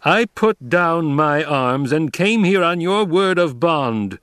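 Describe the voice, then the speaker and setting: A man's voice: on the high side, expressive, slow pace, a bit bright, smooth, no room sound, clean studio sound, pitched above the performer's own voice. A man voicing a proud, furious male emperor who barks his words. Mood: outraged. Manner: barking, indignant.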